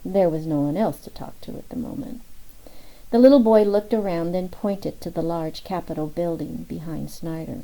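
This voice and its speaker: A woman reading a novel aloud in steady, even audiobook narration. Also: on the low side, moderate pace, vocal fry, poor audio. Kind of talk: scripted narration.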